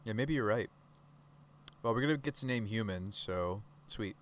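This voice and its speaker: Man, low-ish voice, casual live gameplay commentary, talks to chat. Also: normal speed, slight background noise. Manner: casual, chatty, talks to chat with rhetorical questions. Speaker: streamer.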